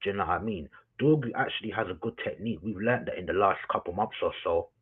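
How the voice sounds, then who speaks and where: A man's voice: low-pitched, quick pace, breathy edge. A man ranting about his football team on a live stream, swearing, repeating himself and calling his chat "people.". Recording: tinny phone-like audio.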